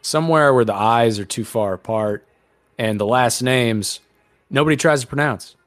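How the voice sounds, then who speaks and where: A man runs a loose, rambling podcast chat, full of sarcasm and casual swearing. His voice sits at an ordinary middle pitch. The sound is dry and close, with little room around it. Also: normal speed, no room sound. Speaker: podcast host.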